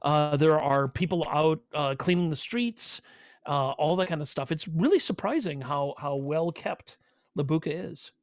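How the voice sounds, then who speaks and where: A man's voice: a little high, moderate pace, no echo, studio quality. A man narrating a tabletop role-playing game as game master, telling the scene in a rambling way with many fillers. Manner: rambling, filler-heavy storytelling.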